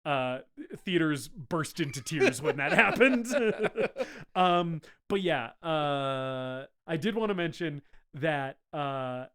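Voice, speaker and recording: A man's voice: fairly high pitch, lively intonation, slow, a bit bright, smooth. A man co-hosting a movie podcast, talking casually and acting out scenes from the film in voices. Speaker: podcast co-host. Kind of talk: casual movie review chat.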